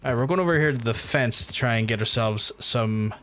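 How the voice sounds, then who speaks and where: A man from Northern Ireland with a softened Belfast accent, chatting casually and swearing freely through his own game stream, restarting his sentences often. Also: medium pitch, a little fast, slight background noise. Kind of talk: casual gameplay commentary.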